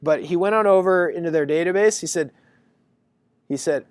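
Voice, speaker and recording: A man giving a casual university lecture, talking to students in a chatty, animated storytelling way. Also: a little high, brisk, no echo.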